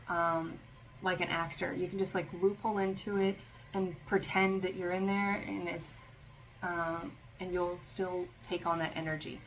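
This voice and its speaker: A woman's voice: mid-range voice, a little hiss or hum, poor audio. A woman giving a casual spiritual tarot reading, talking in a loose, rambling way with lots of fillers and a sarcastic streak. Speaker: tarot reader.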